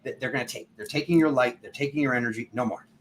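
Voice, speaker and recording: A man's voice: medium pitch, rapid-fire, slight background noise, rough recording. A man giving a tarot reading in a rambling, casual monologue full of fillers, sometimes acting out other people's voices. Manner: rambling, filler-heavy, acts out quoted voices. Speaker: tarot reader.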